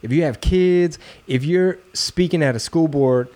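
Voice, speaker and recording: A man's voice: fairly high pitch, measured pace, dark tone. A man hosting a podcast, talking in a loose, profane, joking way. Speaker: podcast host. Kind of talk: casual podcast chat.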